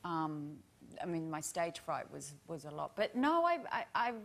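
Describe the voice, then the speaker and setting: A woman, an actress, talking softly and hesitantly about stage work on a chat show, laughing a little. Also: deep voice, sing-song, a little slow, creaky. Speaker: actress guest. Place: TV studio with audience.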